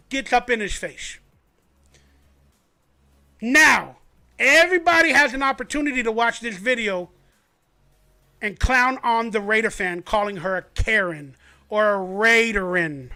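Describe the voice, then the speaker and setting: A man hosting a fan livestream, telling a story in an animated, rambling way. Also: sits high, measured pace, pauses often. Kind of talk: casual sports commentary.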